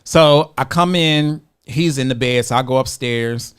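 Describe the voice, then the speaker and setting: A man's voice: mid-range voice, a little slow, a bit bright, clear, resonant tone. A man co-hosting a podcast, telling a long story in casual chat, acting out the voices he quotes and laughing often. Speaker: podcast co-host.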